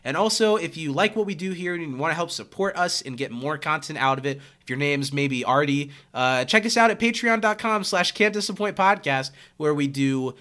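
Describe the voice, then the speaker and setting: A male podcast co-host talks in a loose, joking way and stumbles over his words now and then. His voice is bright and pitched a little high, though he is under the weather with a sick voice. He stays relaxed and chatty. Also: brisk, few pauses. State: sick, hoarse voice. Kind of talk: casual chat.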